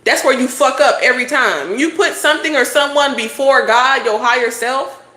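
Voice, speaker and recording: A woman's voice: high voice, moderate pace, sharp tone, reverberant. A woman doing a casual tarot reading, talking bluntly with lots of swearing and preachy advice. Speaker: tarot reader.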